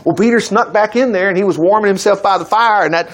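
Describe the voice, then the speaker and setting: In a conversational sermon, a man reads scripture aloud and acts out the voices he quotes, swinging between sudden loud peaks and soft drops. His voice is high-pitched and his delivery fast.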